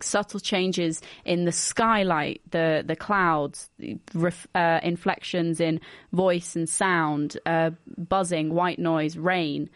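A woman's voice: lowish voice, dry recording, studio quality. A young woman co-hosting a student radio show, explaining her studies in a chatty way and laughing easily. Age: young adult. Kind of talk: casual radio chat. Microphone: studio microphone.

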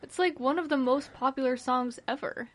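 A woman's voice: high-pitched, normal speed. A young woman guest chatting playfully on student radio, teasing, with many likes. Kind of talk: casual radio chat.

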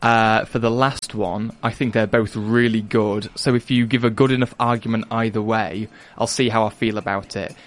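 A man's voice: on the low side, steady tone, moderate pace, few pauses. Playful young male radio host. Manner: playful, laughing, stumbles over words. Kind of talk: casual radio chat. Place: radio studio.

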